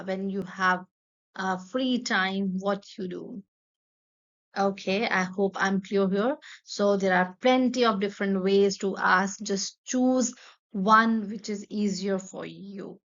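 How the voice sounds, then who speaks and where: A woman gives an online language lesson. She talks slowly and warmly encouraging, with a middle pitch, and repeats each example. The audio sounds dull and lo-fi. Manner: slow, encouraging teaching delivery with repeated examples. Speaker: French teacher.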